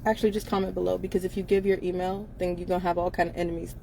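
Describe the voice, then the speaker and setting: A woman's voice: fairly low pitch, level tone, rapid-fire, gravelly, mellow, a little hiss or hum. A woman co-hosting a casual live-stream chat from inside a car, blunt and emphatic, laughing often between her lines.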